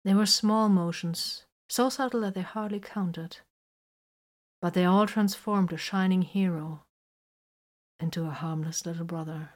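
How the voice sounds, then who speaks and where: Steady woman narrating a story. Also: fairly low pitch. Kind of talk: audiobook narration.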